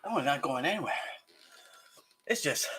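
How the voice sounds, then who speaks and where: A man hosts a casual livestream eating hot sauces, mouth burning and eyes watering, gasping, sighing and groaning between slow remarks. His voice is fairly high and animated, with noise in the background.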